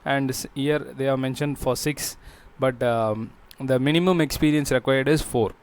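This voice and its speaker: Male host, smooth even-pitched voice, explains a screen walkthrough haltingly with lots of pauses. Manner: halting, with frequent fillers and restarts. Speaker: job-listings channel host.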